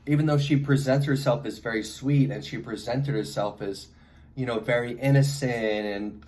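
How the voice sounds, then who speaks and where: A man's voice: on the low side, fairly quick, darkish tone. A young man with a congested head cold, talking casually to camera and rambling with lots of fillers and restarts. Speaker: vlogger. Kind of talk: casual advice monologue.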